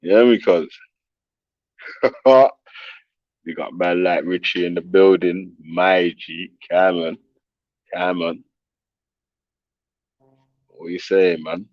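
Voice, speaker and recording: A very low-voiced man chats loosely to his viewers, full of slang and quick laughs. The sound is close and dry but dull. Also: no room sound. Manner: slangy, laughing, addressing chat and callers. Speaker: livestream host. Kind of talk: casual livestream chat.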